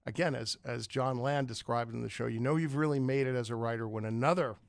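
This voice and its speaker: Gravelly American radio host. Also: male voice, mid-range voice, fast talker, no echo, studio quality. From United States. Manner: chatty, rambling, self-deprecating, with many restarts. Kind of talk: casual radio interview chat. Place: radio studio. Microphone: studio microphone.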